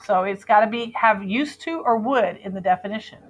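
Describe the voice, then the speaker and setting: A woman leads a classroom grammar lesson at an unhurried, steady pace. She drills verb endings call-and-repeat style, patient and clear. Her pitch sits in a plain middle range for a woman. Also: a little hiss or hum, rough recording. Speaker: Spanish teacher.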